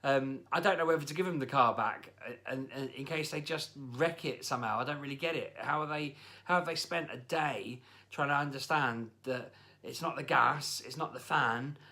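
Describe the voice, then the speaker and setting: A man ranting in a casual vlog, his voice bright and cutting. He talks like someone fed up and grumbling, piling one complaint onto the next as he tells his story. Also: mid-range voice, moderate pace. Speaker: vlogger. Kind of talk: casual spoken rant.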